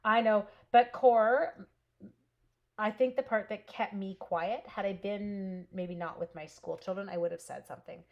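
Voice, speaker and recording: A woman's voice: medium pitch, fairly even intonation, a little slow, vocal fry, lo-fi sound. A woman in her forties from Canada hosting a casual live stamping stream, telling a long story while cutting paper and answering viewers by name.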